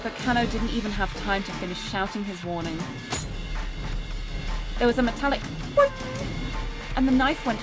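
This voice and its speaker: A young woman streamer reading a visual novel aloud, with animated, self-deprecating asides, over game music. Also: medium pitch, normal speed, long pauses. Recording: game music playing behind.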